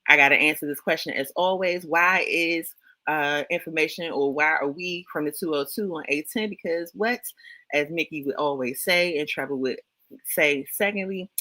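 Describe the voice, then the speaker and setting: A man's voice: fairly high pitch, moderate pace, sharp tone, dry recording, low-quality recording. A man from Washington, D.C., with a local accent, co-hosting a casual livestream talk show and greeting viewers in the chat with slang.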